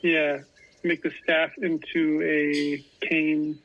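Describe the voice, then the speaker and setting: A man's voice: fairly high pitch, flat delivery, slow, lo-fi sound. A man playing a tabletop game, giving short, laid-back answers. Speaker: player.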